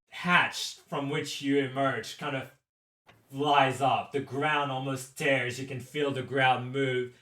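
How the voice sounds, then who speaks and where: A man narrating a tabletop game as game master, slow and halting, with many restarts. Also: mid-range voice, fairly bright tone, recorded from a distance. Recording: roomy echo, a bit off-mic.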